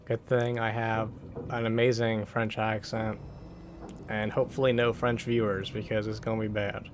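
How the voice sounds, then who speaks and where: A man's voice: on the low side, little pitch movement, normal speed, a little hiss or hum. A man streaming a horror game, muttering casual commentary and tossing sarcastic asides to the game and his chat. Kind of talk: casual let's-play commentary.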